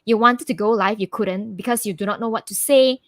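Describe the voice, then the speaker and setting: A woman's voice: medium pitch, brisk, no room sound. A woman guest answering in an interview, with an eager, upbeat manner.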